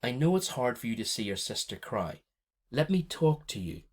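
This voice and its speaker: A man doing a soft, soothing mother. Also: medium pitch, sing-song, moderate pace.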